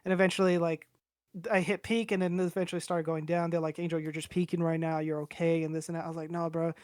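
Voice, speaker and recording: A man's voice: a little high, flat delivery, quick pace, clear, resonant tone, no echo, studio quality. A young man telling a long personal story on a podcast in a casual, rambling way, swearing freely and acting out what everyone said. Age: young adult. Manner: rambling, profane, acts out quoted voices.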